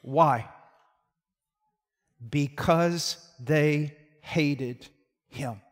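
A man in his sixties preaching a sermon, moving between forceful emphasis and hushed tones and repeating his key phrases. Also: fairly high pitch, extremely slow. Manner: dramatic swings from loud emphasis to hushed tones. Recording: long hall reverb.

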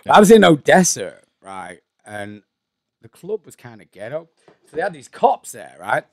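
An English comedian telling stories in casual chat, animated and swearing often. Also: male voice, a little high, moderate pace, dry recording, clean studio sound. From England. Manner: animated, laughing, swears a lot. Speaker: comedian guest.

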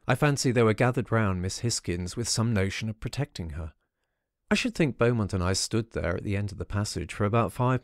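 A man narrating a first-person ghost story audiobook in a measured storytelling manner. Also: fairly low pitch, creaky, a little mellow, no echo, studio quality.

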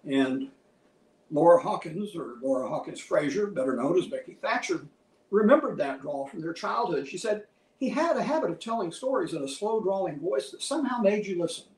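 A man's voice: high-pitched, lively intonation, far from the mic. Scholarly man lecturing in a roomy hall. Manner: measured, scholarly, lists many quotations. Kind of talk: museum lecture.

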